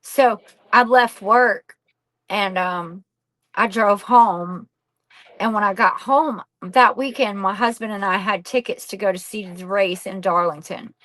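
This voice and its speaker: A woman's voice: medium pitch, measured pace, fairly bright tone, no echo, rough recording. A middle-aged woman, a podcast guest telling a painful personal story candidly, rambling and swearing casually.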